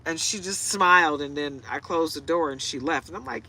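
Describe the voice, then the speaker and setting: Chatty woman with a bright voice. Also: sits low, fairly quick, hardly any pauses, slight background noise, low-quality recording. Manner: chatty storyteller, laughs often, gets choked up. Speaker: tarot reader. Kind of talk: casual chat to camera. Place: inside a parked truck.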